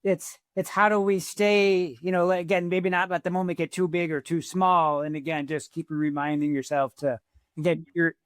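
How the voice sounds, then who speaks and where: Male co-host, encouraging reflector, high voice, dry close sound. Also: level tone, moderate pace, clear, resonant tone, dry recording. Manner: encouraging, repeats "again". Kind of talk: reflective commentary.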